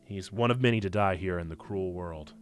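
A man's voice: on the low side, expressive, fast, faint music behind, voice pushed down, lightly acted. A man reading the lines of a sardonic young man who mocks a crying friend, in his own voice. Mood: mocking. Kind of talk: reading his childhood story aloud.

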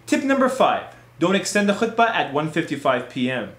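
A man with a fairly high, very animated voice runs through tips in a comedic sketch vlog. His upbeat delivery bounces up on each new point, and the sound carries a roomy echo. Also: normal speed, hardly any pauses.

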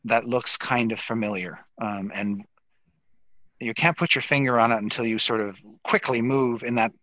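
A man's voice: medium pitch, fairly even intonation, moderate pace, sharp tone, dry recording, poor audio. A man narrating as dungeon master in a tabletop game, describing scenes in a rambling way with many fillers.

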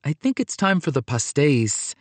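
A man reading an audiobook, voicing an eager, kind young girl in a raised, bright tone. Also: a little high, very animated, normal speed, dry recording, pitched above the performer's own voice.

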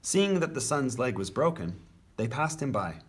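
A man reading a children's picture book aloud as a teacher, with expressive, animated storytelling. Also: medium pitch, normal speed, slightly rough.

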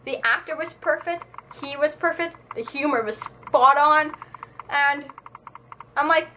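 High-voiced woman ranting about a letdown. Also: a little slow, slight background noise, poor audio. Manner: exasperated, slangy, animated ranting. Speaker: book and movie reviewer. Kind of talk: casual ranting review.

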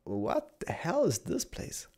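A young man giving excitable Let's Play commentary, exclaiming and chatting to the animals he finds. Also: fairly high pitch, takes it slowly. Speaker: gaming YouTuber.

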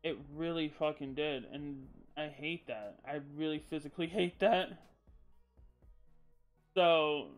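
A man's voice: on the high side, measured pace, clean tone, soft background music. A man streaming live and chatting casually with viewers, rambling and swearing freely, a bit loopy after a sneezing fit.

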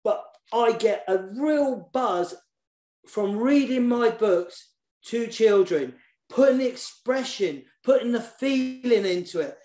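His voice is very high, slow, and lively in intonation, with a reverberant sound around it. A children's poet and author, he talks casually and enthusiastically online, warmly repeating words as he searches for them.

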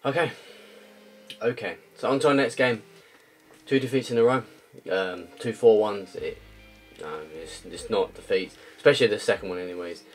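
With a voice on the low side at a moderate pace, a young man delivers frustrated gameplay commentary for his gaming videos. He rants, curses and says the same things over and over while faint music plays behind him.

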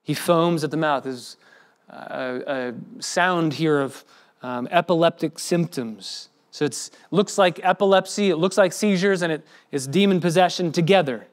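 Man preaching an expressive sermon. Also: a little high, measured pace. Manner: expressive preaching, acts out quoted speech. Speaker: pastor.

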